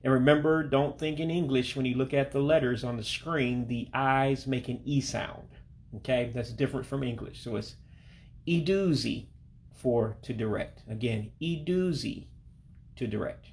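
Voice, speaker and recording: A man from Alabama, teaching a language lesson as a voice-over and patiently repeating each word slowly. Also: medium pitch, steady tone, darkish tone. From Alabama, United States. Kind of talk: self-recorded language lesson. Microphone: voice-over to pictures and on-screen text.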